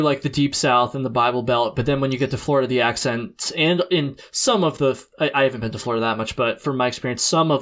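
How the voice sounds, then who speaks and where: A man's voice: mid-range voice, fairly bright tone. Laid-back man who keeps saying dude. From New England. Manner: laid-back, says dude and like a lot, laughs often. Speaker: podcast host. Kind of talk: casual chat.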